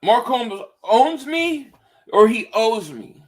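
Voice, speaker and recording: A man's voice: extremely high pitch, slow pace. A man on a live stream who calls a football game play by play and chats loosely with his viewers, swearing now and then. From Philadelphia area. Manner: loose and excitable, swearing, reading chat aloud. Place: home, indoors.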